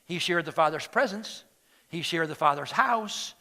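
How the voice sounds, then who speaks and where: A middle-aged man preaching from the pulpit with a notably high voice. He tells the story with animated energy, slipping into quoted voices and dropping low for quiet emphasis. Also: normal speed. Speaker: pastor. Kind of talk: sermon.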